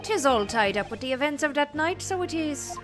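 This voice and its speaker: A woman doing a folksy Irish gentleman. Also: high voice, lively intonation, normal speed, faint music behind, pitched above the performer's own voice. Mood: storytelling. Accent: put-on Irish. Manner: folksy, spins a yarn. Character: jovial Irish older male defendant. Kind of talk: voicing game dialogue aloud.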